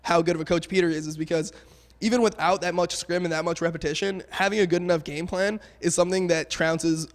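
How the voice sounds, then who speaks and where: Fast-talking young man, reverberant venue. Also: on the high side, steady tone. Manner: fast, casual, filler-heavy. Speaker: pro gamer. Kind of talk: post-match interview.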